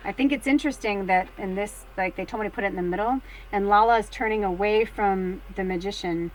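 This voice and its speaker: A woman's voice: mid-range voice, brisk, a little hiss or hum, rough recording. Rambling, chatty woman reading cards. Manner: chatty, rambling, full of fillers; expressive, swings between hushed and excited. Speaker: tarot card reader. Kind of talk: casual card reading chat.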